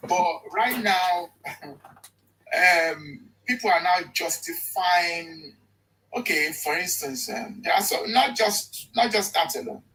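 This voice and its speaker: A man joining by online call, chatting casually with frequent laughs and halting restarts. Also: high-pitched, bright, forceful tone. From Nigeria. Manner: laughs often, halting and mixes in Yoruba phrases. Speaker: guest. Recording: distant call audio.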